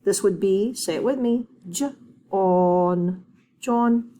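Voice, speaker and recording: A woman teacher giving a phonics lesson to young children, sounding out words slowly and encouraging them. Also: on the high side, mellow, slight background noise.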